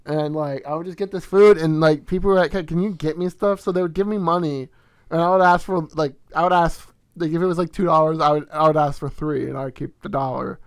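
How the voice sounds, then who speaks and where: A man's voice: on the high side, quick pace, smooth, dry recording. A young man, a podcast host, telling casual stories full of swearing and acted-out quotes. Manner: animated, swearing, acts out quotes in storytelling. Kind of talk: casual storytelling chat.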